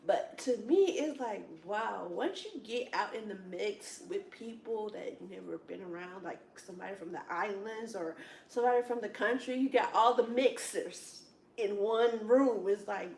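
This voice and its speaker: A woman in casual chat at a Bible study, telling rambling, animated stories with lots of "it's like, wow.". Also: medium pitch, moderate pace, vocal fry, slight background noise. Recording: echoey room, distant from mic.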